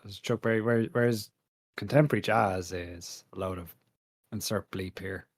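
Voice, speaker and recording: A man with a fairly low voice, chatting on a podcast panel. His delivery is dry and sarcastic, full of teasing asides. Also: steady tone, moderate pace, breathy edge. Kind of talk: casual podcast chat.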